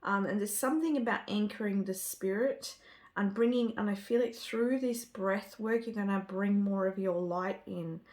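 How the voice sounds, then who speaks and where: A woman's voice: mid-range voice, moderate pace, a little mellow. A woman giving a spiritual card reading to camera. She talks with gushing enthusiasm and often trails off and restarts. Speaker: tarot card reader.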